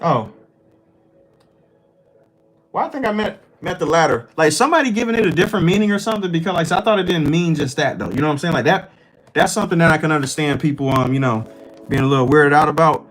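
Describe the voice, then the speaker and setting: A man's voice: fairly high pitch, expressive, quick pace, a bit bright, low-quality recording. A man hosting a livestream, chatting loosely and profanely while reacting to his chat. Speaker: livestream host. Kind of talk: casual chat with stream chat.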